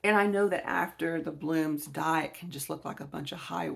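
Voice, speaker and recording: A woman's voice: low voice, normal speed, gravelly. A woman in her forties with a Southern US accent, chatting casually and rambling about her books on her own channel. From Alabama, US. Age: 40s. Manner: chatty, rambling, self-correcting. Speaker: gardening channel host. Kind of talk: casual video chat showing books.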